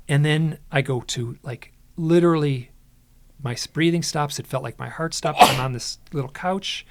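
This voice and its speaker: A man's voice: on the high side, measured pace, pauses often, heavy background noise. A man who is a podcast guest and author, retelling an experience with dramatic quoted dialogue and frequent restarts. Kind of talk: animated storytelling in conversation.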